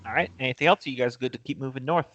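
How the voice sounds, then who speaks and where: A man's voice: mid-range voice, racing, a bit bright. A man acting as game master, talking casually and jokily and swearing offhand as he runs a tabletop game. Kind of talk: running a tabletop game over voice chat.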